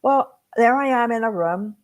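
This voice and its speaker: A woman from England, a hair design educator giving a motivational talk as an animated storyteller who acts out her own thoughts. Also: fairly high pitch, normal speed.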